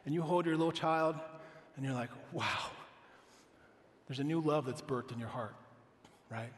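Earnest pastor preaching in a reverberant hall. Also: male voice, mid-range voice, moderate pace. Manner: earnest, conversational preaching with rhetorical questions. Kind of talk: sermon.

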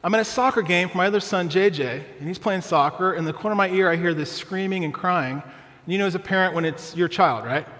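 A man's voice: sits high, fast, fairly bright tone, big-room sound. A male pastor preaching a sermon, telling a family story with humor and often asking the congregation "right?".

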